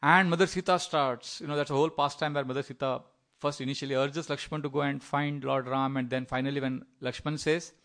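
A man's voice: medium pitch, fairly even intonation, brisk, fairly bright tone. A middle-aged man giving a sermon in a conversational storytelling way, often acting out the voices of people in his stories. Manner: conversational, with fillers and small laughs. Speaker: preacher.

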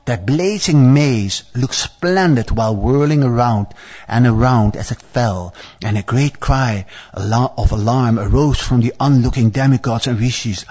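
A man's voice: mid-range voice, measured pace, darkish tone, husky. A man leading a scripture class who reads the story aloud and breaks into chatty, stammering asides, with many fillers and playful teasing of his listeners. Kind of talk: scripture reading with commentary.

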